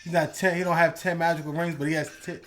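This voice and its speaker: A man co-hosting a casual comic book debate show, ranting excitably and laughing often. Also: a little high, quick pace, soft background music. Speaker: podcast co-host.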